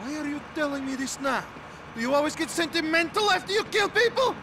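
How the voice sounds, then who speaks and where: A frantic, paranoid cousin. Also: male voice, very high-pitched, animated, fairly quick, background noise. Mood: exasperated. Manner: frantic, panicky, whining. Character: jumpy, paranoid cousin, young-ish man. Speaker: cousin of the hero.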